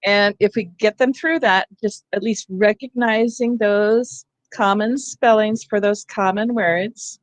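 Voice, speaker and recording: A woman's voice: mid-range voice, steady tone, a little slow, few pauses, dry recording. Woman giving a teacher training talk. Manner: explanatory, conversational, checks in with "right?". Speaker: literacy trainer.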